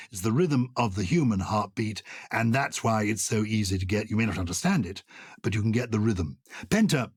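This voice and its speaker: An older man co-hosting a podcast, explaining poetry with lively enthusiasm and reciting verse with emphatic rhythm. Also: lowish voice, fast, husky, no echo, clean studio sound. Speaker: podcast co-host.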